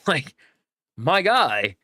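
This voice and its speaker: A man's voice: on the high side, very slow, dry recording, clean studio sound. A young man streaming games, chatting casually and acting out voices as he tells a story. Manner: chatty, animated, acts out voices in anecdotes.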